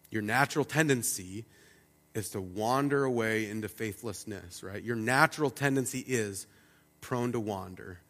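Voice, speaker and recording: Animated preaching man, long church reverb. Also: lowish voice, measured pace. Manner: animated, acts out God's and the people's words. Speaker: pastor. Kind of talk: sermon. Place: church sanctuary.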